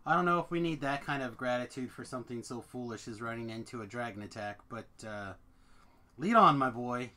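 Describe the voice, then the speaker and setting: A man's voice: medium pitch, brisk, sharp tone. Dry, sarcastic male game player. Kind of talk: casual role-play banter.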